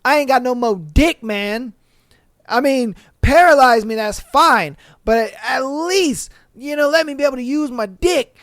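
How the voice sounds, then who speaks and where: A man's voice: extremely high pitch, measured pace, fairly bright tone, dry recording, studio quality, pitched above the performer's own voice. A man voicing a despairing young man in a raised, pleading, exaggerated outcry.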